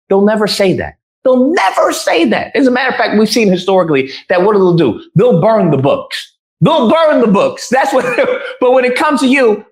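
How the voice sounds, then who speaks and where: Guy going off on a heated rant, pitch jumping all over, mimics the other side in silly voices. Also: normal speed. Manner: animated, mocks opponents in put-on quoting voices. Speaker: online commentator.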